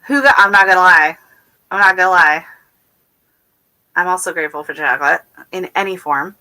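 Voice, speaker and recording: A woman's voice: lowish voice, normal speed. Chatty woman hosting a livestream. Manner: rambling, warm chatter full of fillers and restarts. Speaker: gardening channel host. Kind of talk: casual livestream chat, reading viewer comments. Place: at home.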